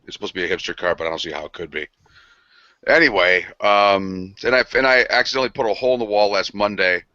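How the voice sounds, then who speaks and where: A young man cohosting a podcast chats quickly, and his voice sounds bright and forceful. He tells stories with a lot of energy and swears casually. The recording is dull and lo-fi. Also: on the low side, no echo. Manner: animated storytelling, swears freely. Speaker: podcast co-host. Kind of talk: casual banter.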